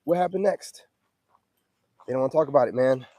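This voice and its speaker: A man hosting a livestream in a loose, emphatic chatting style, forever checking that his listeners follow him. His voice is very dark and mellow, and the sound is dry and close, with no room around it. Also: mid-range voice, a little fast, no echo. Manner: loose, emphatic, keeps asking "you know what I'm saying". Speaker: livestream host. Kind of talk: casual livestream chat.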